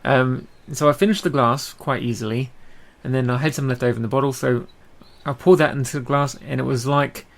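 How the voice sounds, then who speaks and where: Australian man, gravelly voice, casual podcast co-host, chatty, laughs a lot. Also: medium pitch, fairly even intonation, brisk, hardly any pauses. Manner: chatty, laughs often, many ums. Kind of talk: casual chat.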